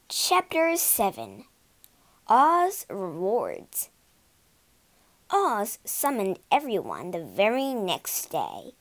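A woman narrating a storybook in a slow, deliberate way for English learners, with expressive reading. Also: mid-range voice, no room sound.

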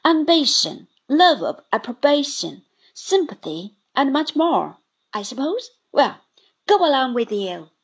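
A woman reading the part of a brisk, fond elderly aunt with crisp, emphatic lines. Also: sits high, big pitch swings, exaggerated voice. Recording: dull lo-fi recording.

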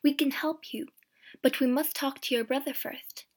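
A woman voicing a kind, calm gentleman who speaks quietly and gently. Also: high-pitched, moderate pace, close to an everyday voice.

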